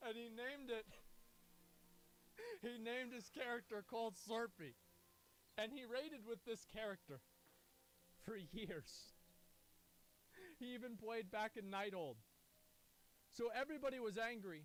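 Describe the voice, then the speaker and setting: A man streaming, telling a profane, animated story and acting out the quoted dialogue. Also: very high-pitched, a little slow, pauses often. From United States. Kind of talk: casual storytelling to stream chat.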